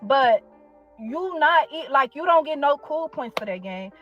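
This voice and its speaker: High-voiced woman ranting bluntly. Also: lively intonation, measured pace, highs cut off, soft background music. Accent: Chicago. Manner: blunt, profane, exasperated, repeats herself for emphasis. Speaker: content creator telling her side of a feud. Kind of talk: heated storytime rant.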